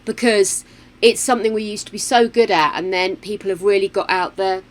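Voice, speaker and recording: A woman's voice: mid-range voice, steady tone, fairly quick. A woman, chatting casually while streaming a game at home, playful and full of exclamations. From United Kingdom. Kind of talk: casual gameplay chat. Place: home room with a fan running.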